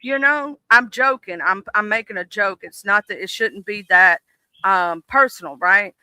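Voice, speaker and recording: A man's voice: high voice, moderate pace, bright, forceful tone, clean tone, no room sound, poor audio. A man in casual, joking livestream chat, reminiscing and greeting viewers in the chat. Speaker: livestream co-host.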